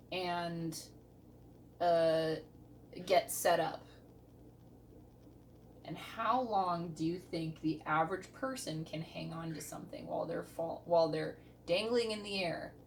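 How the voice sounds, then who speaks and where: Sarcastic swearing woman paramedic. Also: lowish voice. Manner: blunt, sarcastic, swears a lot. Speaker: paramedic reacting to a TV show. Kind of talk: casual reaction commentary. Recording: distant mic with faint noise.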